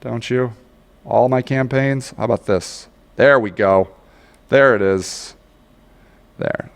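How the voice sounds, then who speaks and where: Slow rambling man in a reverberant room. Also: medium pitch, gravelly. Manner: rambling, self-mocking, easily frustrated. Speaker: social media marketing instructor. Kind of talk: screen-share tutorial.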